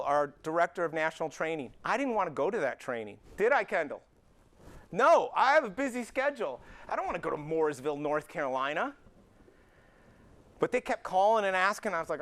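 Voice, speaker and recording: A middle-aged man, a chiropractor giving an anecdote-filled talk to peers at an event, acting out dialogue as he goes. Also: on the high side. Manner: animated storyteller acting out dialogue.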